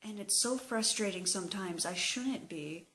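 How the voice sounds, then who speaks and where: A young woman talking slowly and hesitantly in a personal video diary, open and emotional. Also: mid-range voice, a bit bright, a little hiss or hum. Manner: slow, hesitant, emotional confessional talk. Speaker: vlogger.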